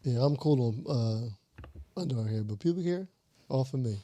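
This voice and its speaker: A man's voice: medium pitch, animated, moderate pace, dark tone. A man co-hosting a podcast in casual chat, laid-back and wry in his remarks. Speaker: podcast co-host.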